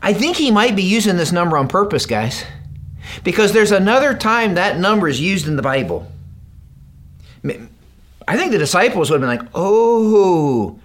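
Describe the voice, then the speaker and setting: A man's voice: high voice, big pitch swings, normal speed, pauses often, a bit bright. A male pastor preaching a sermon in a conversational way, acting out the quotes as he goes.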